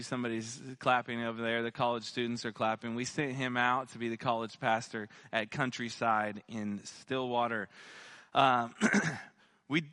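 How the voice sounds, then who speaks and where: A male pastor speaking from the pulpit in a sermon, reviewing the church's year with a bright, forceful voice that sounds slightly strained. He clears his throat often and leans on fillers between points. The sound is dry and close, with little room echo. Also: medium pitch. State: losing his voice. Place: church sanctuary.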